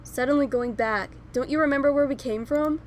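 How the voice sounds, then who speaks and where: A woman voicing a frantic young man pleading calm. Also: sits high, a little fast, slight background noise, lightly acted. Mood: urgent. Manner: urgent repeated calming pleas. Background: game music.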